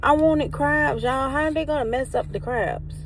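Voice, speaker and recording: A food-reviewing vlogger with a high voice and moderate pace chats casually to her viewers outdoors near a truck. Her delivery is emphatic and repetitive, and she calls them "y'all." There's slight background noise, and the recording quality is low.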